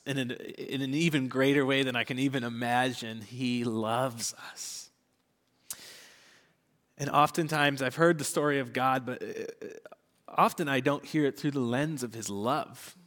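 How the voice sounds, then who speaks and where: In a large hall, a young man preaches as a church pastor in a medium-pitched voice. His sermon is earnest and candid, with light laughter and soft whispers during tender moments.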